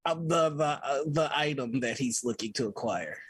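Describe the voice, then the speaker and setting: A man playing a tabletop game who speaks in a halting, thoughtful way. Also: medium pitch, expressive, husky, no room sound. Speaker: player.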